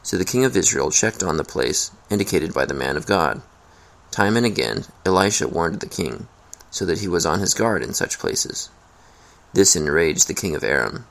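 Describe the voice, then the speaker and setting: A man reading a Bible chapter aloud in a steady, measured way. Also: deep voice, creaky. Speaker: scripture reader.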